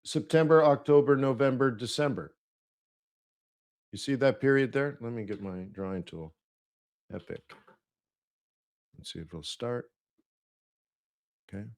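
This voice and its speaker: A man's voice: fairly low pitch, expressive, unhurried, long pauses. A man hosting a live trading webinar, chatty and playful, laughing at his own jokes and mimicking people in mock voices.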